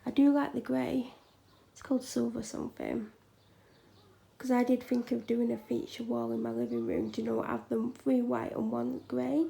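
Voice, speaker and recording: Gravelly-voiced woman vlogging. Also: on the high side, level tone, moderate pace. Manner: chatty, frank, drops into soft whispered asides. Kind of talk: casual home vlog chat. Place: room at home being decorated.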